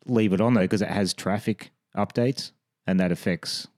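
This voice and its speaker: A man co-hosting a podcast, telling things in a halting, hesitant casual way. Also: lowish voice, darkish tone, dry recording, clean studio sound. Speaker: podcast co-host. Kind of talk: casual conversation.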